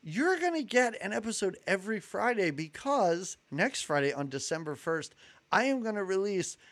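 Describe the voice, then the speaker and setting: Chatty high-voiced man co-hosting. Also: sing-song, normal speed, fairly bright tone. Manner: chatty, laughs often, announces schedule. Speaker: podcast co-host. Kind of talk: casual chat.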